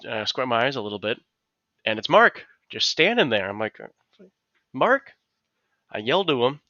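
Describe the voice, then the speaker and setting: This podcast co-host speaks smoothly at a medium pitch, casually recounting a story and bringing his coworkers' quotes to life with animated impressions. The recording is dry and muffled.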